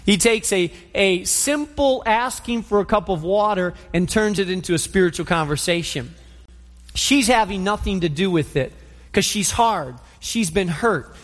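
A man preaching a sermon, telling a story in an animated way and acting out scenes. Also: sits high. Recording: long hall reverb.

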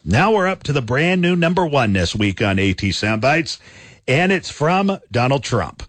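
A man's voice: medium pitch, big pitch swings, normal speed, a bit bright, no room sound. A man hosting a radio countdown show, announcing the next entries in a punchy announcer manner.

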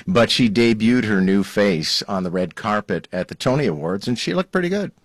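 Brief: male radio entertainment reporter, lower voice, lively gossipy delivery, dry studio mic. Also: moderate pace, no echo. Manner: lively, chatty, laughing gossip. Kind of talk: radio chat.

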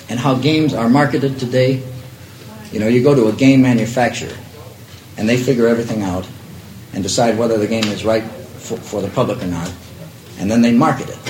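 A man doing a stand-up bit in a halting, stammering delivery. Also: mid-range voice, reverberant, noisy background. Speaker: comedian. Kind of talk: stand-up routine with an acted phone call.

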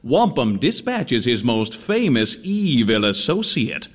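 A man's voice: medium pitch, sing-song, takes it slowly. A man narrating a cartoon in a dramatic, announcer style.

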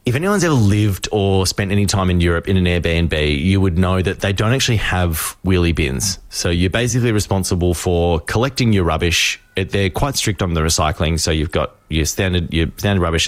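A male radio host, telling a story with lively acted voices. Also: sits low, fairly quick, no echo. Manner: animated storyteller, acts out voices.

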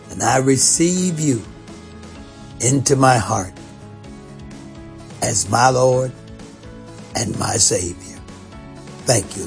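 A man, a bishop, slowly leading a prayer with pauses for listeners to repeat. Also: medium pitch, a little mellow. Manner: slow, measured, pausing for repetition.

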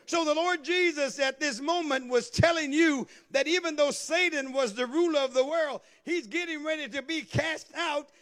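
A man preaching a sermon, calling out to the congregation for responses and building to shouts. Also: very high voice, normal speed, few pauses. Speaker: pastor.

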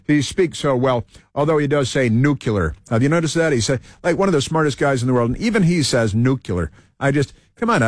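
Rambling talk show host, dry close mic. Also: male voice, medium pitch, no room sound. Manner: rambling, halting, many fillers and restarts. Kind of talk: rambling opinion monologue.

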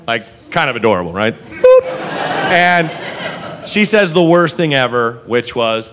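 A man telling a stand-up comedy story, animated, swearing freely and laughing through his lines. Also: mid-range voice, slow pace, long pauses.

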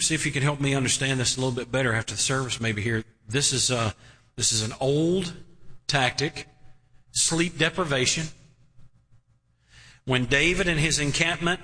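A man's voice: fairly high pitch, bright, forceful tone. A man preaching an emphatic sermon in a church, asking his listeners rhetorical questions. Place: church sanctuary. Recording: long hall reverb.

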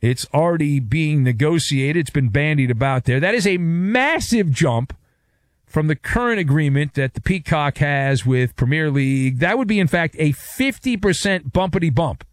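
A man's voice: fairly high pitch, animated, normal speed, dry recording, clean studio sound. Wisecracking male sports radio host. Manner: wisecracking, sarcastic. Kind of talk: sports talk monologue.

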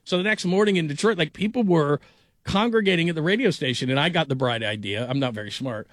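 A man's voice: on the high side, expressive, fast talker, a bit bright, no echo. A man hosting a sports talk radio show, chatting casually and rambling with lots of "like.". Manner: rambling, heavy use of "like".

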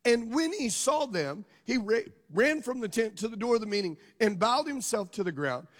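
This middle-aged pastor's voice is extremely high, though he speaks at normal speed. His sermon centers on an energetically told personal story, punctuated by questions directed at his listeners.

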